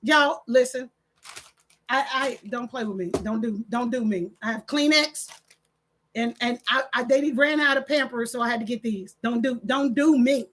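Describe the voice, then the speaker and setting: An older woman, hosting her channel in casual chat, reading comments and telling animated stories with quoted voices. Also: on the high side, normal speed. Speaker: channel host.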